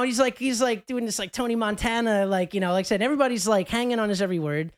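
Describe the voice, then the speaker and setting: A man's voice: high voice, quick pace, no echo. A man hosting a casual podcast, telling a story in a loose, rambling way full of fillers and restarts. He speaks close to the mic, and the sound is dry. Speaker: podcast host.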